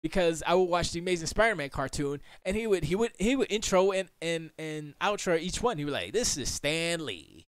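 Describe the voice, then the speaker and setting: A man's voice: high voice, a little fast, hardly any pauses, smooth, no room sound. A young man chatting casually on a livestream from his home studio, rambling and muttering to himself as he works on his computer. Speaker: livestream host.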